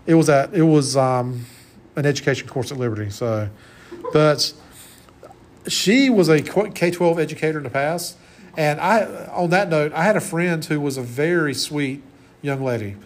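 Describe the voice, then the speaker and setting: A man's voice: fairly high pitch, moderate pace. A man in his forties giving a conversational classroom lecture as college instructor, often restarting his sentences. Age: 40s.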